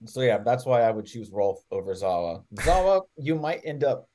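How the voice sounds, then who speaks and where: A man's voice: mid-range voice, normal speed, a little hiss or hum. A man co-hosting a podcast, chatting playfully and telling goofy stories. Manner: animated, playful storyteller. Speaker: podcast co-host. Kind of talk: casual chat.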